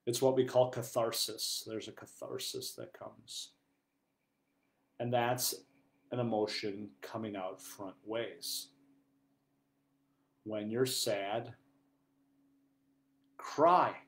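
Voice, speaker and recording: A priest giving an earnest sermon, moving between quiet, hushed passages and loud, emphatic ones. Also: male voice, lowish voice, expressive, slow, long pauses. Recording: echoey room.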